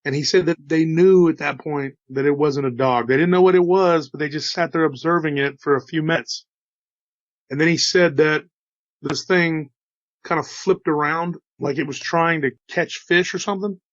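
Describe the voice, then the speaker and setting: A man's voice: on the high side, moderate pace, dry recording, dull audio. A man with a slight Texas drawl telling a story in a casual, chatty way, with folksy asides to his listeners. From Texas, USA. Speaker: host telling encounter stories.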